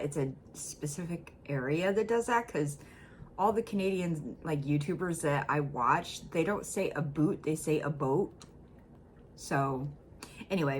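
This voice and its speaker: American woman, reaction host, low-pitched, rambly casual talker. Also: a little hiss or hum. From United States. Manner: chatty, rambling, with many fillers and laughs.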